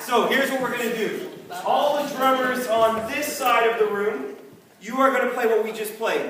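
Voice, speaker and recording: A man's voice: very high voice, steady tone, normal speed, crowd noise. Upbeat man leading a drum circle. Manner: upbeat, joking, counts in and chants rhythms. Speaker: drum workshop leader. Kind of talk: leading a group drumming session. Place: church hall. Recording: echoey hall, far from mic, loud drumming. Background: group drumming and tambourines.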